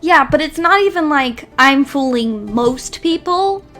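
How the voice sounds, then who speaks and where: A young woman playing through a visual novel and mocking it, sarcastic and quick to swear. Her voice sits fairly high. Faint music plays underneath. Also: animated, fairly bright tone. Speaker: gaming YouTuber. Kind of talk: profane visual novel commentary.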